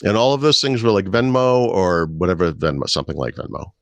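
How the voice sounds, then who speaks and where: A man's voice: low voice, big pitch swings, brisk, vocal fry, dry recording. A middle-aged man and podcast co-host, telling wry anecdotes in casual chat. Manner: storytelling, wry, puts on voices in anecdotes.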